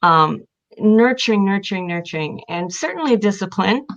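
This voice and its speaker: A woman's voice: medium pitch, expressive, normal speed, muffled recording. An older woman telling heartfelt family stories in casual talk, emotional and sometimes tearful. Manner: emotional, heartfelt, crying at times. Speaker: guest. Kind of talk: casual storytelling.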